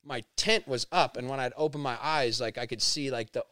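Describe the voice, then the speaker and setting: This man's mid-range voice moves a little fast as he spins a wild tale on a podcast, cursing nonstop and performing other people's lines with lots of animation. The studio-quality audio has no echo, fitting the casual storytelling interview.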